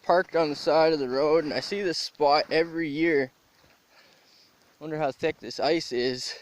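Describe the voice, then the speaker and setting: A man's voice: a little high, normal speed, poor audio. A man vlogging outdoors in winter. He thinks aloud while hiking and shivers from the cold. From Canada. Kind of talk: casual narration while filming. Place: outdoors by frozen waterfalls in winter wind. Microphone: handheld camera mic. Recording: windy outdoor camera audio.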